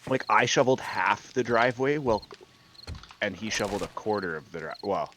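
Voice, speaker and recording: A man's voice: fairly low pitch, lively intonation, brisk, fairly bright tone, slight background noise. A man in his thirties telling a rambling story in casual chat while gaming, swearing often and filling with "like". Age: 30s. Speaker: gaming video host.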